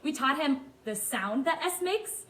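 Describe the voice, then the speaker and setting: A kindergarten teacher with a high voice takes her time, stretching out letter sounds and inviting little ones to read with her. She has a Hawaiian English accent. The recording has a noticeable echo of the room. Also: lively intonation, fairly bright tone. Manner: slow, stretched-out sounds, read-along prompts. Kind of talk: recorded phonics lesson for young children.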